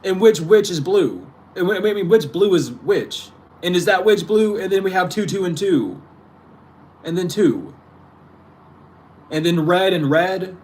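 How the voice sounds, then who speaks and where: A man's voice: sits high, animated, measured pace, a little mellow. A young man hosting his channel, ranting casually with exasperation, frequent swearing and laughter. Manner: exasperated, profane, laughing often. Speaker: spiritual channel host.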